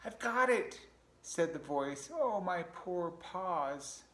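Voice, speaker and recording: A man voicing a messy, fussy male pack rat in a storybook reading, loud, excitable and whiny. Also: medium pitch, normal speed, pitched above the performer's own voice. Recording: echoey room.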